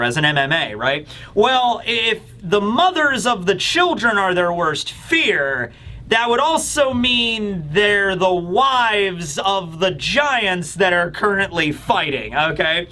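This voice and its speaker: A man's voice: high voice, bright, forceful tone. A man hosting a casual manga chapter review, chatty and laughing, swearing casually. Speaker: host.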